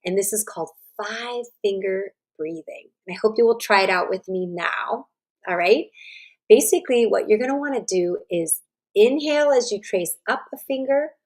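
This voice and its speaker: A woman teaching self-regulation and guiding a slow breathing exercise, with a gentle, instructive manner. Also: mid-range voice. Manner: gentle, instructive, checks in with "right?". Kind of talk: guided breathing lesson. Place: online summit stream.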